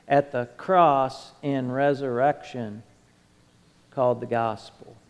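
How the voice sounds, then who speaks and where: A man's voice: medium pitch, fairly even intonation, slow pace. A male pastor preaching a sermon with an impassioned, rising and falling cadence and lots of repetition. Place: church sanctuary. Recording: long hall reverb with music underneath.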